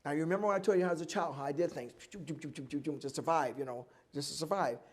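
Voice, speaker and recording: A man in his seventies, a guest at a live oral history event, telling stories from his life in an animated way and acting out both sides of each conversation. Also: a little high, a little fast. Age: 70s. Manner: animated storyteller who acts out dialogue and laughs often.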